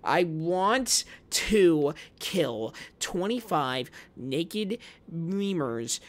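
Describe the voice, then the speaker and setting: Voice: mid-range voice, sing-song, very slow. Frustrated game streamer ranting to chat. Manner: frustrated, joking rants at chat. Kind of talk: live gameplay commentary.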